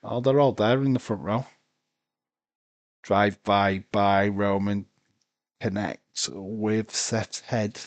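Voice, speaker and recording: A man's voice: fairly low pitch, steady tone, slow, pauses often, dry recording. A sleepy, tired man commentating a live wrestling watch-along, rambling and talking to himself. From United Kingdom.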